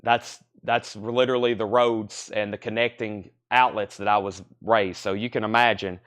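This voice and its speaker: A man's voice: lowish voice, flat delivery, normal speed, fairly bright tone, clean tone. Southern man running a live record sale. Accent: Southern American. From Southern United States. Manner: reads titles, bids and prices aloud, chatty asides. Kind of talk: live-stream auction chat. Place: record shop.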